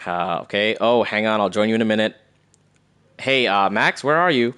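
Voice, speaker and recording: A man's voice: on the low side, animated, normal speed, sharp tone, smooth. A man doing casual live commentary on a game playthrough, reading in-game messages aloud and adding slangy quips. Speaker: streamer.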